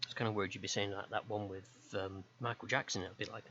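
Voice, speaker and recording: Male UK streamer, low voice, rambling and hesitant, lo-fi mic. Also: level tone, a little fast, bright, forceful tone. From United Kingdom. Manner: rambling, hesitant, many ums. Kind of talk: casual rambling chat while drawing. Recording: dull lo-fi stream mic with faint hiss.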